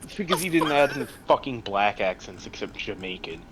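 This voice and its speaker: A man's voice: on the low side, big pitch swings, fairly quick, background noise. A man playing in a tabletop game, speaking bluntly and sardonically. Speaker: player. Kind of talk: casual game chat.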